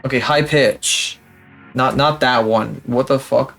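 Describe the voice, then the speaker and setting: Young male streamer, casual mid-pitch voice, loose and profane, light music underneath. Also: slow pace, creaky, a bit bright. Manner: rambling, profane and self-mocking. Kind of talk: casual live-stream chat.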